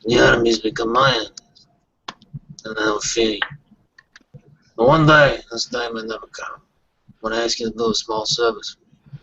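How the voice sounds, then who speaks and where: A man imitating a raspy, slow, menacing old male mob boss. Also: mid-range voice, lively intonation, pushed and bright, no room sound, distant mic, pitched below the performer's own voice, heavily acted. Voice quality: gravelly, husky. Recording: dull lo-fi sound.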